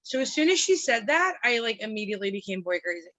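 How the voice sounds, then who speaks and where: High-ish and quick, this woman in her 30s is a guest on a candid podcast. Her storytelling is frank and lively, peppered with swearing and laughs.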